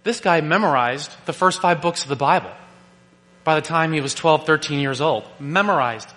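A male pastor preaching a sermon, animated and joking, who keeps asking rhetorical questions. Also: on the high side, moderate pace. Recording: long reverb of a large hall.

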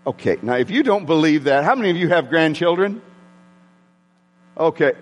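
A man preaching a sermon to his congregation, excitable and prone to yelling. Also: fairly high pitch, normal speed. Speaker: pastor. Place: church sanctuary with congregation. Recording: long hall reverb.

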